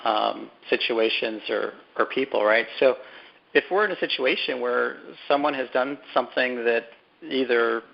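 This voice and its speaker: Gravelly man, halting thoughtful talk. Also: medium pitch, lo-fi sound. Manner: thoughtful, halting, repeats words as he thinks. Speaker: author and guest. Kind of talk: conversational interview.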